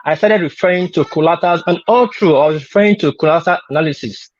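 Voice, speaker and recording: A man's voice: fairly high pitch, quick pace, no room sound. A man talking heatedly on an online panel, insistent and repetitive, pressing his point over interruptions. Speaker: panel guest. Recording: lo-fi call audio.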